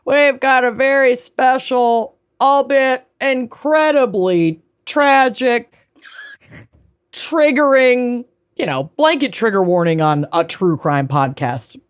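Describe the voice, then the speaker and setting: A woman's voice: on the high side, lively intonation, slow, smooth. A woman co-hosting a podcast in casual chat, laid-back and rambling with fillers. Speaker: podcast co-host.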